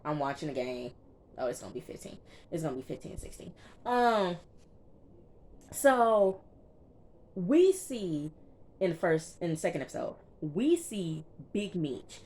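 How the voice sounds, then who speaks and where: A woman giving a casual, animated recap of a TV episode, talking straight to her viewers and checking in with them often. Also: sits low, normal speed, slight background noise. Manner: chatty and animated, keeps checking in with listeners. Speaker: TV reviewer.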